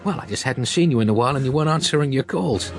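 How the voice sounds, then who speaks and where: A man's voice: mid-range voice, lively intonation, very fast, soft background music, natural voice. A man voicing a jovial old male mob uncle who runs a restaurant, in a comic story reading, with breezy, unbothered denials.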